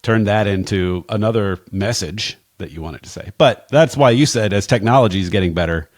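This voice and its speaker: A man with a lowish voice talks through everyday money risks in a plainspoken, wry way. He drops in casual asides. The sound is close and dry, with no room around it. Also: fairly quick, dry recording. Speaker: financial advisor, podcast guest expert. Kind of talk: casual conversational advice.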